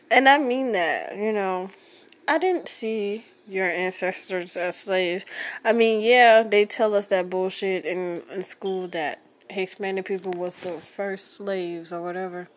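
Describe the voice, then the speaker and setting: A woman's voice: mid-range voice, slow. A young woman from Florida, hosting a podcast and ranting bluntly, rambling and swearing while she has a cold. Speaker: podcast host. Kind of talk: casual ranting monologue.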